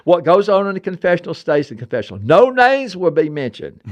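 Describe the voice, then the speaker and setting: Older guy in his 70s telling rambling stories on a podcast, super animated, pitch all over the place. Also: fairly quick, highs cut off. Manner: animated, digressive, emphatic. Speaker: podcast host. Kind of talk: casual storytelling chat.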